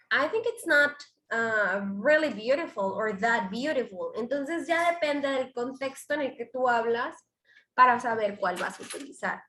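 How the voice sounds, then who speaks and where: High bright teacher voice, echoey room. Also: female voice. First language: Spanish. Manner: explains slowly, mixing Spanish and English. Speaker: English teacher. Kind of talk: bilingual online class.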